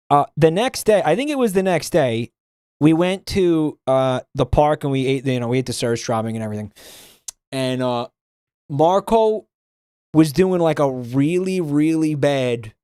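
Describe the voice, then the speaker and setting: Man, streamer, animated, laughing, cursing, high-ish voice, dry sound. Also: clear, resonant tone, dry recording. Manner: animated, laughs often, swears freely. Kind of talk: casual chat reacting to a game.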